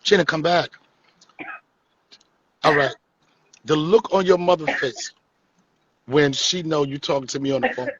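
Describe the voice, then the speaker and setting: A man's voice: on the high side, fairly even intonation, measured pace, long pauses, dull audio. A man hosting a live stream, joking and teasing his guests in casual, profane comedic chat.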